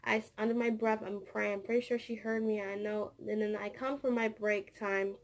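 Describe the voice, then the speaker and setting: Gravelly-voiced woman telling a rambling story. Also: medium pitch, steady tone, moderate pace. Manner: rambling, repeats words, acts out quoted dialogue. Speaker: vlogger; childcare teacher. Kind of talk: casual storytelling vlog.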